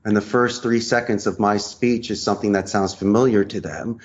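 Animated man on a muffled call. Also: fairly low pitch, fairly quick, a little hiss or hum. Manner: lively, theatrical, laughs often. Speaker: guest, customer service trainer. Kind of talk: animated interview talk acting out sales calls. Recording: muffled lo-fi audio.

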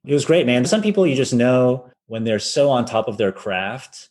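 A man in his forties tells music-business stories in an animated, chatty way, leaning on fillers and acting out the people he quotes. His voice sits at an average pitch for a man. He comes across as a guest recounting his career. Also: moderate pace. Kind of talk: casual anecdotal storytelling.

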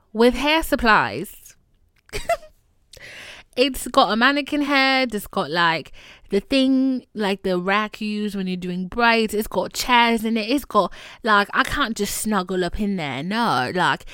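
A young woman tells a story to her listeners in a loose, casual way, swearing often and sliding up into a higher voice whenever she quotes someone. Her voice sits at an ordinary middle pitch. The recording is dry and close, with no room sound around her. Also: smooth, no echo. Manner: animated, swearing, acts out quotes in a high voice. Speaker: podcast host.

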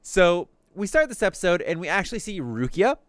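Animated man recapping an anime. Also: sits high, fairly quick, no room sound, clean studio sound. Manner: swears casually, acts out quotes in passing. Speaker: podcast host recapping an anime. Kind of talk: casual recap chat.

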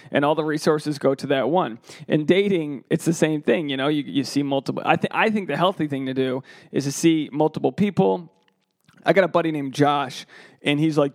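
Gravelly-voiced man hosting a solo podcast. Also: on the high side, normal speed, dry recording, studio quality. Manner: loose, profane, self-deprecating banter. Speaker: podcast host and comedian.

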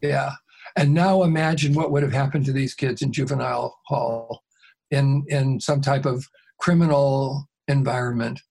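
A man who works as a mediator, telling a story calmly and steadily in an interview. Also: medium pitch, normal speed, gravelly, husky.

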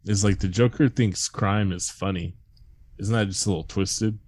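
A man's voice: fairly low pitch, steady tone, normal speed, a little mellow, no room sound. A man hosting a podcast in casual comedic banter, joking, swearing and laughing often. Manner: profane, jokey, laughs often. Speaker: podcast host.

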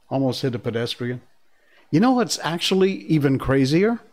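A man hosting a live stream, reacting to clips and telling stories in a rambling, excitable way with frequent laughs. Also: mid-range voice, normal speed. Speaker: livestream host. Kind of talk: casual live-stream commentary.

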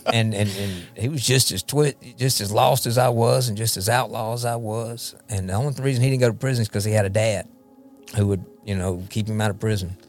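A recovery ministry leader, appearing as a podcast guest, shares his personal testimony, rambling, repeating words, and often asking "you know what I mean?" His voice is on the low side, fairly even, and a little fast, with soft music in the background.

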